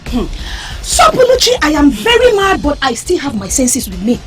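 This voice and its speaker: An actress with a Nigerian accent playing a sharp-tongued young village woman in a Nollywood royal drama, scolding and mocking loudly. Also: high-pitched, wildly swooping pitch, moderate pace, faint music behind, heavily acted. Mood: angry scolding. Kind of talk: Nollywood film acting.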